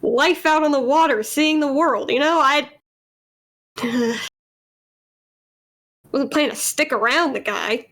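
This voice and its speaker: A woman playing a tabletop game, casual and quick to laugh, swearing freely. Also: sits high, a bit bright. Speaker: player.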